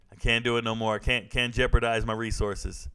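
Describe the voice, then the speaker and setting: Smooth-voiced man trash-talking on stream. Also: medium pitch, flat delivery, a little fast, pushed and bright. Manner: joking, trash-talking, slangy. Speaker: livestream host reacting to fights. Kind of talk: casual live-stream chat reading viewer comments.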